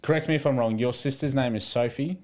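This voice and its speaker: A man hosting a podcast, relaxed and telling stories with casual swearing. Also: mid-range voice, fast. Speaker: podcast host. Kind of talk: casual interview chat.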